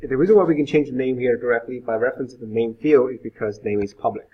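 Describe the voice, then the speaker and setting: A man's voice: mid-range voice, quick pace, breathy edge. A male web instructor giving an informal live coding lecture, thinking aloud with frequent fillers. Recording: phone-like lo-fi sound.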